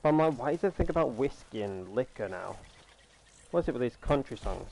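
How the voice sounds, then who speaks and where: A man's voice: medium pitch, lively intonation, a little fast, creaky, darkish tone. A young man chatting casually with a friend while streaming a game, telling stories animatedly and swearing now and then. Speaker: gaming streamer. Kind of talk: casual chat while gaming. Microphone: gaming headset. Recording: noisy game audio behind.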